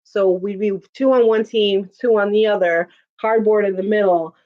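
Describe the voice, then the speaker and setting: A woman's voice: mid-range voice, steady tone, moderate pace, narrow, tinny audio. A woman, chatting casually with her viewers, laughing often and using lots of filler words. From Chicago, USA. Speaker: livestream host. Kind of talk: casual chat reading viewer comments.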